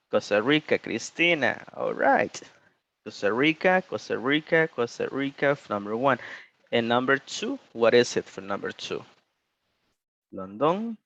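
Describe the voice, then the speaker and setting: A male English teacher leads an online class, moving between Spanish and English and reading students' answers aloud with encouragement. His mid-range voice has vocal fry and a slightly bright quality, with no room sound, though the class audio comes through dull and muffled.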